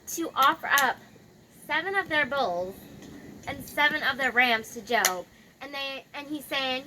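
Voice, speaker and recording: Chatty, high-voiced woman storyteller. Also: animated, slow, pauses often, bright, forceful tone, slight background noise. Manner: chatty, slangy, filler-heavy. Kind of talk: casual retelling of a scripture story.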